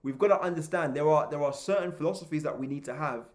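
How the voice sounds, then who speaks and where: A young man giving a casual motivational talk, telling stories excitedly, stumbling over and repeating words. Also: a little high, fast. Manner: excitable storyteller, repeats words and restarts a lot. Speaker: motivational speaker.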